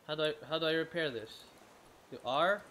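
A man's voice: fairly high pitch, a little fast, sharp tone, a little hiss or hum. A tired man giving rambling gameplay commentary, often restarting his sentences and swearing casually. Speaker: gamer.

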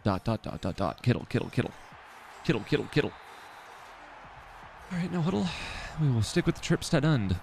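A man's voice: medium pitch, sing-song, fairly quick, gravelly, long pauses, a little mellow, faint music behind. A young man casually commenting on his own football video game play, talking to himself, swearing and mocking his own mistakes. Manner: swearing, self-deprecating, talks to himself while playing. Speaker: gaming streamer.

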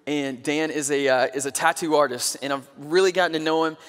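A man in his thirties delivers a sermon in a relaxed, storytelling way and often drops to a hushed voice to drive a point home. His voice sits fairly high for a man. The room gives it a long, lingering reverb. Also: a little fast, smooth. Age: 30s. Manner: conversational storytelling, dips to quiet emphasis. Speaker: pastor.

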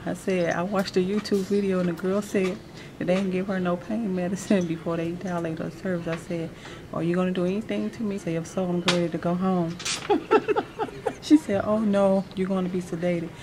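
Nervous, chatty woman vlogging, lowish voice. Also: fairly even intonation, fairly quick, noisy background. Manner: chatty, laughs often, slangy. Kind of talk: casual vlog chat to camera. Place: home, then a hospital pre-op room. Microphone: handheld camera.

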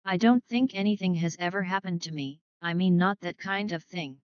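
A woman's voice: fairly low pitch, normal speed, smooth, no echo, natural voice. Dreamy young actress read by a woman, vague, wide-eyed, dry muffled sound.

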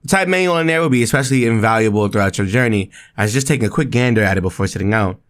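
A man reading aloud the lines of a friendly lab worker in a video game who explains the gear, in a lower, flatter voice than his own. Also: very fast, lightly acted. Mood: explaining.

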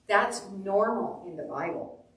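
A woman pastor preaching a sermon, telling stories with animated delivery and acting out quotes. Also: mid-range voice, measured pace, far from the mic. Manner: animated storytelling, acts out quotes. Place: church sanctuary. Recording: echoey room, voice off the mic.

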